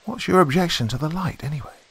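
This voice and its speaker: A man voicing a blunt, steady sailor who questions a stranger in a gruff, commanding way. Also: a little high, fast talker, pitched above the performer's own voice. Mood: probing.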